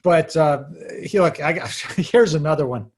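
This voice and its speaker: A man's voice: a little high, lively intonation, moderate pace. Wry man presenting on a video call. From Arizona. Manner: wry, dry humor, casual asides. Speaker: lawyer giving a talk.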